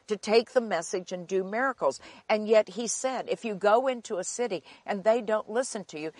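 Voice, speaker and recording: A woman teaching from the Bible in an earnest sermon, slowing to repeat key phrases for emphasis. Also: mid-range voice, no echo.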